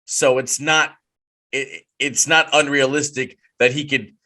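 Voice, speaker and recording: A man co-hosting a wrestling podcast in casual chat, animated and quick to repeat himself when he gets going. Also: mid-range voice. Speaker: podcast co-host.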